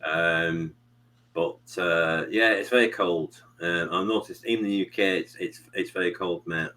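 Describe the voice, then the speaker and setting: A man's voice: deep voice, unhurried, bright, forceful tone, poor audio. A British man hosting a live stream, chatting casually in a rambling way with many fillers. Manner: rambling, many fillers and "you know what I mean". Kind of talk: casual chat.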